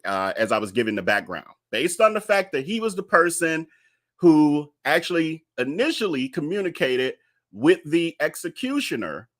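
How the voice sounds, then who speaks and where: A man talks through a casual live stream to his viewers, chatty and full of fillers. His voice sounds bright and forward. He speaks into a desk mic. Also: a little high. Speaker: host.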